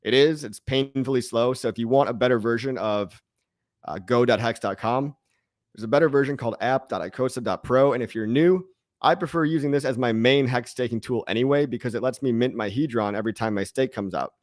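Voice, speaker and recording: A man's voice: mid-range voice, fairly quick, no echo, clean studio sound. A man hosting a casual crypto live stream, reading chat comments and rambling with jokes and the odd swear word.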